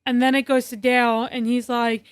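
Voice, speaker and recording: A woman co-hosting a podcast, chiming in with chatty, quick recaps of scenes. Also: a little high, flat delivery, no echo. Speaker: podcast co-host. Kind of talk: casual movie review chat.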